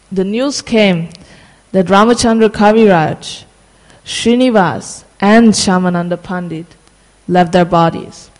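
A casual storyteller recounting a sacred tale, pausing on fillers and stretching out key phrases. The voice sits at a middling pitch. A long reverb trails behind every word. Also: a little mellow. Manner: halting, many fillers and restarts, slows for emphasis.

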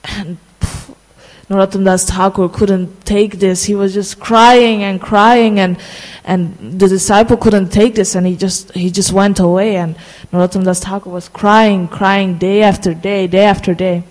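A casual storyteller recounting a sacred tale, pausing on fillers and stretching out key phrases. The voice sits at a middling pitch. A long reverb trails behind every word. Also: little pitch movement, darkish tone. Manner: halting, many fillers and restarts, slows for emphasis.

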